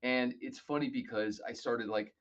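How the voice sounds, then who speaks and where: A man telling stories casually as a podcast guest, animated and acting out other people's lines. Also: medium pitch, normal speed, highs cut off. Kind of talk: casual storytelling.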